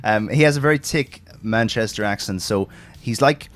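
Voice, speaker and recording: A man's voice: lowish voice, moderate pace, fairly bright tone. A man hosting a casual gaming podcast, rambling through stories, laughing often and swearing casually. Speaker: streamer host.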